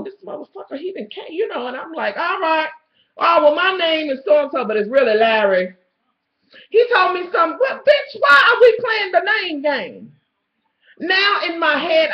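A woman, telling a profane, animated story as a vlogger, swinging between loud outbursts and low asides. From Kentucky, USA. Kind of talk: ranting storytelling. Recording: echoey lo-fi home video.

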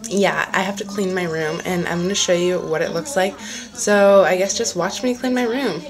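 A woman's voice: fairly low pitch, moderate pace, crowd noise. A woman chatting casually to camera in her bedroom, giggling often and saying "like" a lot. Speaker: vlogger. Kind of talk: casual chat.

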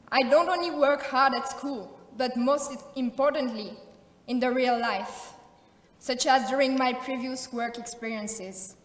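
A woman in her twenties from France with a French accent, giving a formal valedictorian speech at a graduation. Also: fairly high pitch. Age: 20s. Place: large ceremony hall. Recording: echoey hall, distant mic.

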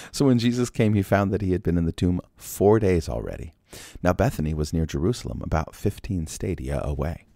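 A man's voice: deep voice, mellow, no echo, clean studio sound. A man reading scripture aloud and breaking off for casual, joking asides. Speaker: Bible reader.

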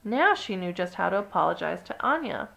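A woman reading a children's picture book aloud with steady, expressive storytelling. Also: fairly low pitch, a little fast, vocal fry. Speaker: storybook reader.

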